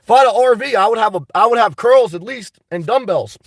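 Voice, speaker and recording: A man's voice: sits high, lively intonation, fast talker, dry recording. A man chatting casually on a live stream, answering viewers' comments in a boisterous, blunt, profane way, a little congested. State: slightly congested. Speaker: vlogger reading live chat.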